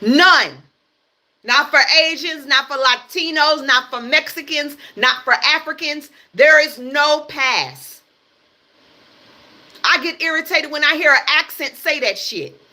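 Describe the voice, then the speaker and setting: Blunt, forceful high-voiced woman ranting. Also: moderate pace. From United States. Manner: blunt, emphatic and profane, hammering points with repetition. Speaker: livestream host. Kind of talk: heated livestream rant.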